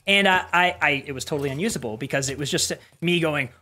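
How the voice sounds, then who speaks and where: An adult streamer giving rambling, excitable live commentary while playing game boss fights, with sudden yelps. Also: medium pitch, fast. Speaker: streamer playing community-made game bosses.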